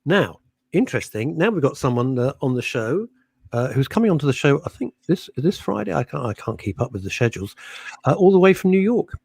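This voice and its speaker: A man's voice: fairly high pitch, big pitch swings, a little fast, creaky, darkish tone, breathy edge, no room sound, clean studio sound. A man co-hosting a radio show, telling rambling stories with a lot of laughter. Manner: laughing, chatty storyteller. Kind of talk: casual radio chat. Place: radio studio.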